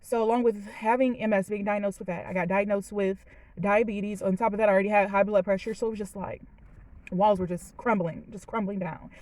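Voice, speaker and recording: A woman's voice: medium pitch, steady tone, a little fast, darkish tone, no room sound, poor audio. A woman in her late twenties, a vlogger telling a personal story in a candid, chatty and emotional way, with many fillers, from a parked car. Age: late 20s.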